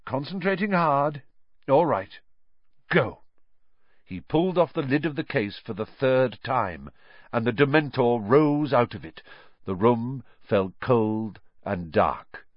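Expressive male audiobook narrator. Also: medium pitch, measured pace, no echo. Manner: expressive storytelling. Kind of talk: scripted narration. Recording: dull, dry studio audiobook.

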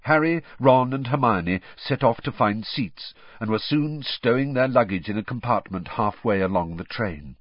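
A man reading a storybook aloud as an audiobook narrator, with expressive scripted narration. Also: mid-range voice, normal speed, few pauses, no echo, dull audio.

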